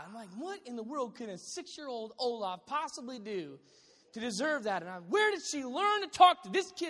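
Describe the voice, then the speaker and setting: A man in his thirties preaching a sermon as a pastor, animated and joking, with sudden loud bursts. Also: extremely high pitch, a little fast. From Southern California. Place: church sanctuary. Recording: long hall reverb.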